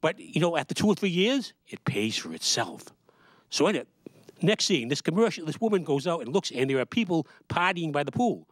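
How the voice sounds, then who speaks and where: Sarcastic man with a lively voice. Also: a little high, fairly quick, dry recording. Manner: rambling, sarcastic, acts out quoted voices. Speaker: stand-up comedian. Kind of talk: stand-up comedy monologue. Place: small studio.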